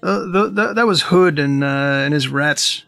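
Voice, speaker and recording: A man's voice: high-pitched, normal speed, vocal fry, sharp tone, faint music behind, heavily acted. A man doing a weary bartender. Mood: uneasy. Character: weary male bartender, plain-spoken.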